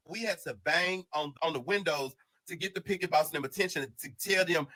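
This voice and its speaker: A man telling a casual storytime monologue in an animated, slang-heavy, rambling way full of restarts. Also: a little high, brisk, rough recording.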